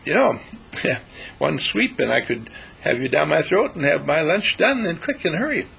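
A man voicing a gentle house cat that speaks in an easygoing, kindly manner. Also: a little high, very animated, moderate pace, vocal fry, husky, voice pushed up, exaggerated voice, poor audio.

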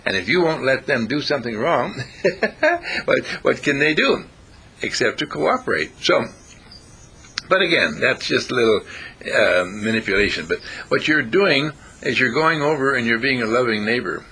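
A man's voice: medium pitch, sing-song, moderate pace, sharp tone, husky. A man giving casual, folksy advice in a rambling monologue, acting out the voices of the people he quotes.

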